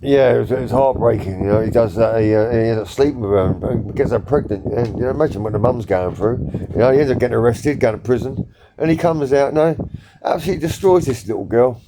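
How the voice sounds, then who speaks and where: A man's voice: medium pitch, fast, background noise. A man vlogging casually, rambling with many fillers and repeats, blunt and swearing. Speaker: social media vlogger. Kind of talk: casual talk to camera.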